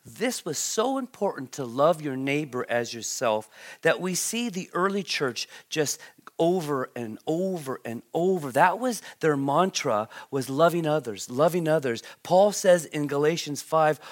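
A pastor preaches with a voice pitched a little higher than most men's. He leans hard on key words and then drops to quiet asides, and he often repeats himself as he goes. He turns to the congregation with direct questions. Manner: emphatic, swings between loud stresses and quiet asides, repeats words. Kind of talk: sermon.

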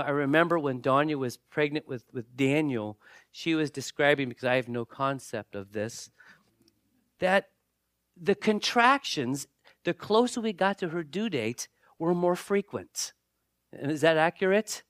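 A pastor delivering a sermon in a conversational way, with joking asides and repeated, restarted phrases. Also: male voice, a little high, no room sound, clean studio sound.

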